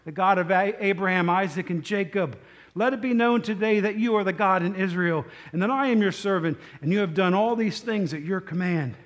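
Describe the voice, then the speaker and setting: A man's voice: high-pitched, brisk, close to an everyday voice. A man voicing a bold male prophet who challenges the crowd in a commanding way, within his own sermon. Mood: earnest prayer.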